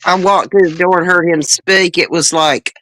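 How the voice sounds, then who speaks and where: A speaker in a casual group chat who talks haltingly, repeating words and restarting sentences. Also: mid-range voice, steady tone, fairly bright tone, dry recording. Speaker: chat panelist.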